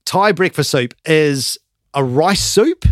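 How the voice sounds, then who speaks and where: A man's voice: on the high side, lively intonation, slow, fairly bright tone, no echo, clean studio sound. A New man chatting casually as a co-host, laughing often. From New Zealand. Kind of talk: casual chat.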